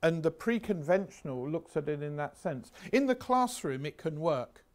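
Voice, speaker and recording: A man's voice: on the high side, lively intonation, normal speed. A man in his sixties giving a revision lecture, chatty, anecdotal and self-mocking. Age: 60s.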